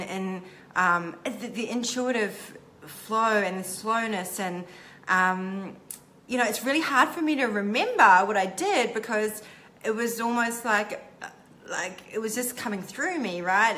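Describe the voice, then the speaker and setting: A woman coach telling a candid, heartfelt personal story to camera, often pausing with "um" and "like". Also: medium pitch, sharp tone, slight background noise. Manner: halting, many "um" and "like" restarts. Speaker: intimacy coach.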